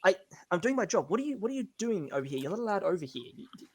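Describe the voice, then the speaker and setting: A man's voice: high voice, very animated, very fast, a little mellow, husky, voice pushed up, exaggerated voice. A man voicing a tall, thin male goliath carnival worker who stammers when taken aback. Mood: flustered.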